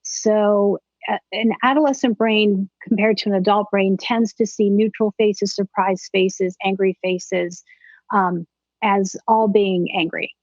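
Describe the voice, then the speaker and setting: A woman's voice: mid-range voice, fairly even intonation, unhurried, a little mellow, dry recording. Middle-aged woman, psychologist guest, explains with analogies; dry room, muffled audio. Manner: explanatory, uses everyday analogies. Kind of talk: conversational interview. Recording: dull, slightly muffled audio.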